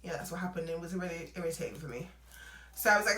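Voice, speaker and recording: A young adult woman vlogging a casual storytime, animated and laughing as she acts out what people said. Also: lowish voice, fast, music in the background. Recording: roomy echo, away from mic.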